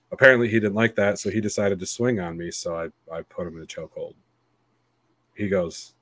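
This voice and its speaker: A podcast guest with a lowish voice tells a story in casual chat, blunt and profane, acting out everyone's lines. He talks quickly, and the recording is dry.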